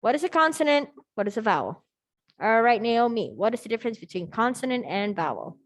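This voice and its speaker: Over a video call, a woman teaches an English grammar lesson, her voice pitched on the high side with big swings and a slightly fast pace. She's upbeat and keeps checking in with the class, asking "okay?" and "all right?"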